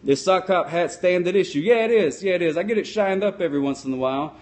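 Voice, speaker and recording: A boastful, dim-witted sock-puppet policeman, voiced by a man, rambles through answers. His voice sits a bit high, full of goofy bravado. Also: quick pace, darkish tone, close to an everyday voice. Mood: rambling. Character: dopey, boastful male sock-puppet cop. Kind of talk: comic puppet Q&A.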